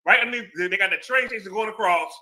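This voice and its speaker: A man's voice: high-pitched, racing. A former law enforcement man in casual chat, telling stories with street slang. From American Southwest. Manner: street slang, animated storytelling.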